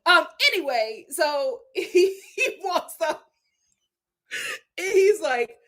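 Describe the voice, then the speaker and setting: A woman's voice: very high voice, slow. A young woman hosting a casual live recap of a reality show, laughing often and acting out what the cast said in put-on voices. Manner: animated, laughing, acts out quotes in other voices. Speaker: host.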